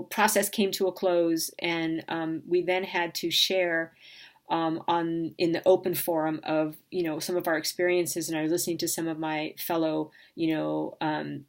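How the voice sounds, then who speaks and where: Earnest woman reflecting, lower voice. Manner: earnest and emotional, many fillers and pauses. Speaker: speaker sharing a personal reflection. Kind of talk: personal reflective monologue.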